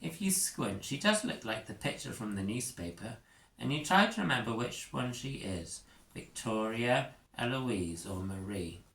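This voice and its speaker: A man reading an interactive story aloud, expressive and doing character voices. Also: mid-range voice, a little slow, vocal fry. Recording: echoey room with faint noise.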